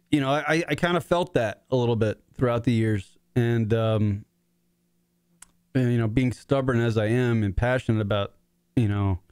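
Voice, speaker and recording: A man's voice: lowish voice, darkish tone, smooth, no echo. Profane, emotional man rambling as host. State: emotional, voice cracking. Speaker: podcast host. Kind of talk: emotional casual monologue.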